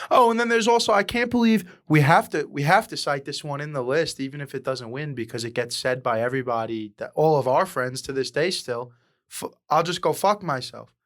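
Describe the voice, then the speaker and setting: A man's voice: fairly high pitch, brisk. Easygoing man retelling movie scenes. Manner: relaxed storytelling, quotes movie scenes. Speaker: podcast co-host. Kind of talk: casual chat.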